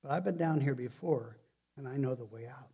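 A steady, reassuring baker who speaks plainly and calmly, as a preacher voices him in a sermon story. The voice stays close to the speaker's own natural tone. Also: male voice, mid-range voice, fairly quick, slightly rough. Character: calm, steady male baker who jumps in to help.

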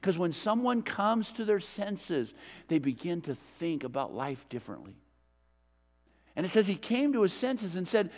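A middle-aged man preaching a sermon as a pastor, telling a story in a relaxed, conversational way. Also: high voice, normal speed. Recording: long reverb of a large hall.

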